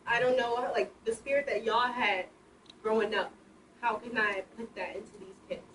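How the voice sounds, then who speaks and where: A woman's voice: a little high, steady tone, moderate pace, a bit bright. Earnest young woman teacher. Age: 20s. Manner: earnest, emotional, hesitant. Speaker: high school math teacher. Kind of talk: audience comment at panel. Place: community bookstore room. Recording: echoey room, distant mic, noticeable noise.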